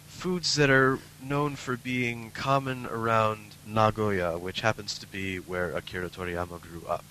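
A man's voice: lowish voice, fairly even intonation, a little slow, sharp tone, slight background noise, poor audio. A man co-hosting a podcast, explaining at length in casual chat, with frequent ums and uhs. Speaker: podcast co-host.

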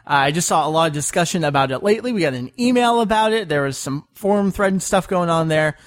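A man's voice: fairly high pitch, lively intonation, quick pace, no echo, clean studio sound. A man hosting a casual podcast chat, explaining things patiently and spelling them out. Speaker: podcast host.

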